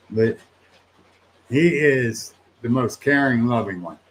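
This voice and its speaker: Older male streamer, slow folksy rambler, casual swearing, middle-pitched voice. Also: slight background noise. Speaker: livestream host. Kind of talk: casual chat answering viewers' comments.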